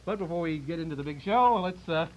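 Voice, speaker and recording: A man's voice: on the high side, expressive, fast, darkish tone. A man hosting a public access cable show, jokey and laughing, with stumbling restarts. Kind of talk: casual chat and mock announcing. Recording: lo-fi 1990s cable tape with faint hiss.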